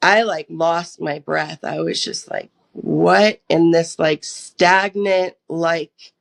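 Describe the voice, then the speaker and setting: A woman's voice: sits low, steady tone, takes it slowly, creaky. A young woman from the United States sharing a personal testimony as an interview guest, acting out her own past dialogue as she tells it. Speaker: podcast guest.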